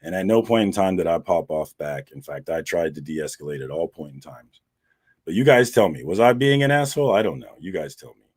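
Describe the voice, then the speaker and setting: A man's voice: low-pitched, animated, fairly quick, darkish tone, breathy edge. A man hosting a casual livestream, talking bluntly and with lots of swearing as he recounts an argument to his viewers. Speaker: host of a comic community livestream.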